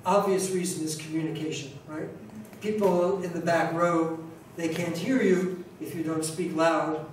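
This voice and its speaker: A pronunciation teacher from New York City gives a conference talk in a large hall, lecturing conversationally, repeating and restarting, and deliberately speaking up. His slightly high voice has fairly even intonation. A distant mic picks him up with heavy hall echo and a faint hiss underneath.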